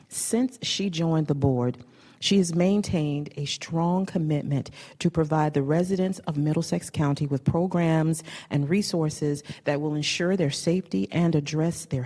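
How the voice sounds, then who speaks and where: A woman's voice: deep voice, mellow. A woman at a council meeting reading a formal award tribute aloud, effusive in her praise. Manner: effusive, gets emotional near the end. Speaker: council member presenting an award.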